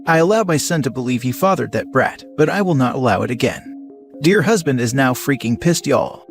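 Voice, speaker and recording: A man narrating a first-person story in an even, conversational reading style. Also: medium pitch. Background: faint music.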